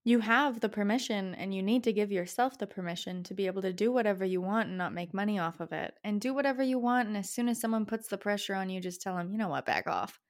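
A woman's voice: quick pace, few pauses. Passionate young Canadian woman podcasting. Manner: passionate, chatty, rising pitch at phrase ends. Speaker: podcast host. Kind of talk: casual solo podcast talk.

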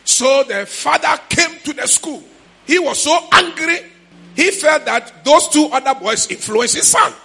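A man with a Ghanaian accent preaching a sermon in church, shouting in a sing-song way with sudden high cries. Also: lively intonation, unhurried, gravelly. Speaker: pastor.

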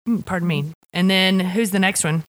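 A woman's voice: lowish voice, moderate pace. A woman co-hosting a podcast in casual chat, recapping an episode with wry humor and laughter. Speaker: podcast co-host.

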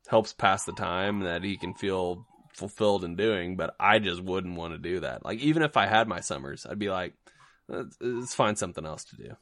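A man's voice: sits low, moderate pace, fairly bright tone, no room sound. A man co-hosting a podcast in casual chat, joking loosely with many restarts and fillers. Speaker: podcast co-host.

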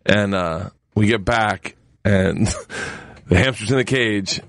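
A man's voice: fairly low pitch, slow, fairly bright tone, no room sound, clean studio sound. A middle-aged man in casual chat, telling a story animatedly and laughing through his own punchlines.

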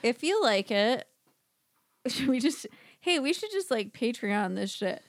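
A woman's voice: a little high, sing-song, a little slow, no room sound, studio quality. A woman co-hosting a podcast in casual chat, laughing often, swearing freely and slipping into silly voices. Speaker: podcast co-host.

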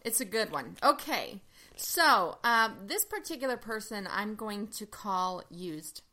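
A woman co-hosting a podcast in casual chat, animated and laughing easily, and she reads listener emails aloud with plenty of attitude. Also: medium pitch, measured pace. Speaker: podcast co-host.

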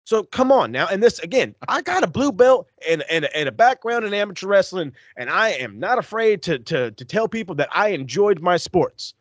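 A young man rants bluntly in casual podcast chat, swearing freely. His voice sits a little high, and the recording is dry and close. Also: normal speed, few pauses, dry recording. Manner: blunt, profane, animated ranting. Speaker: podcast co-host.

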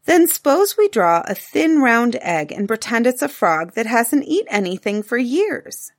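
A woman's voice: a little high, big pitch swings, a little slow, dry recording, studio quality. A woman voicing an eager, chattering little cave girl in a storybook reading.

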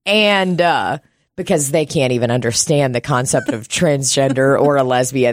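A woman with a low voice co-hosts a podcast in loose, casual chat. She tells stories, swears freely and acts out what people said. The sound is dry and close, with no room behind it. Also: moderate pace, dry recording. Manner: storytelling, swearing, acting out quotes. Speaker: podcast co-host.

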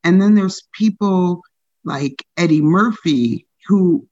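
A woman stand-up comedian in a casual interview, talking fast and loose with lots of "like" fillers and frequent laughter. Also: fairly low pitch, warm tone, no echo, dull audio.

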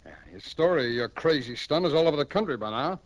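A man's voice: a little high, animated, fast, no echo, dull audio, natural voice. A man playing a blustery police captain. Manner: blustery, pushy, scolding. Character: gruff male police captain, impatient old friend. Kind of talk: 1950s radio drama acting.

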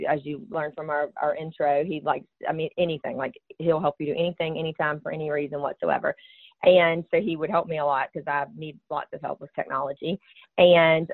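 A woman's voice: low-pitched, no echo. Chatty Southern woman on a tinny line. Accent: Alabama Southern. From Alabama. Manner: chatty, rambling, joking. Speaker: podcast co-host. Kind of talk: casual chat. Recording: tinny phone-like line, dry.

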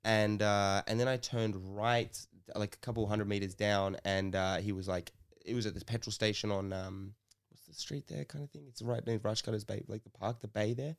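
A man's voice: lowish voice, fairly even intonation, creaky. A man, a comedian, telling a rambling anecdote in casual chat, swearing freely and acting out what people said. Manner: fast, rambling anecdote with swearing and acted quotes. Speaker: comedian guest.

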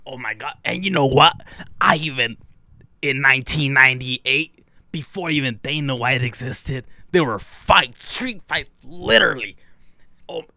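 A man's voice: medium pitch, gravelly, no echo, heavily acted, rough recording. A man doing an impression of a boastful older man who brags and exaggerates wild stories. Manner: excited, bragging, exaggerated. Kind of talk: impression in casual chat.

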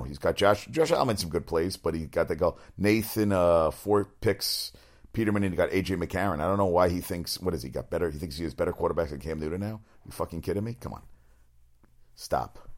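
Deep-voiced profane sports talk man. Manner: rambling, profane, animated storytelling. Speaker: sports talk show host.

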